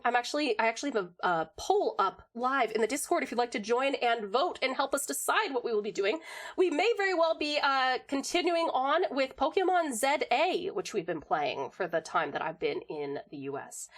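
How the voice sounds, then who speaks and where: A woman's voice: sits high, fairly bright tone. A woman streamer chatting casually with her live chat and calling viewers by pet names like sweetheart and darling.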